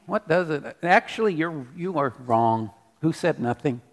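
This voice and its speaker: A man preaching a sermon as pastor in a church, animated, repeating his declarations. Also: a little high, measured pace, long reverb tail.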